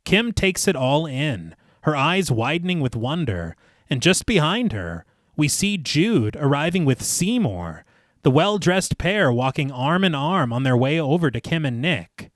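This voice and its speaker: A man's voice: a little high, unhurried, no echo, clean studio sound. A man hosting a horror podcast, narrating a film's plot and chatting casually. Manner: lively, reads plot recap then jokes. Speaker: podcast host recapping a film. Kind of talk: casual chat and film recap narration.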